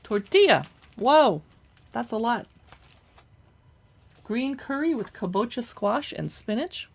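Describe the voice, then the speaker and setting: A woman hosting a casual live cookbook look-through, chatty and reading recipe names aloud with quick reactions. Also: on the high side, very animated, creaky, slightly rough. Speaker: cookbook reviewer livestreaming.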